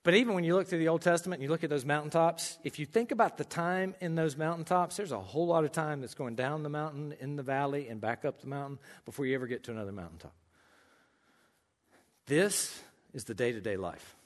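A man's voice: a little high, fast talker, big-room sound. A man with an American country accent preaching a sermon in a church, emphatic with folksy humorous asides. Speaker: pastor.

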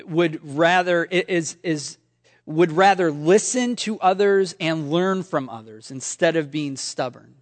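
High-voiced pastor preaching in a reverberant hall. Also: male voice. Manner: conversational storytelling with humor. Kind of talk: sermon.

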